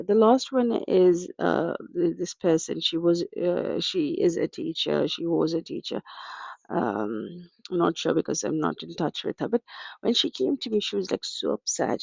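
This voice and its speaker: A woman counsellor talks in a relaxed, conversational way, slipping into her clients' voices as she tells their stories. Her voice has a gravelly, fried edge. The recording is dry and close but a little dull and lo-fi. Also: on the low side, dry recording. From Australia. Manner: conversational, anecdotal, acts out client quotes. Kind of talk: talk.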